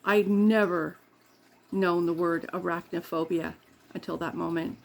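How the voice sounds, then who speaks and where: A woman's voice: on the low side, fairly even intonation, measured pace, gravelly, a little hiss or hum. A woman vlogger chatting casually and rambling, with frequent laughs and self-corrections, while doing her makeup.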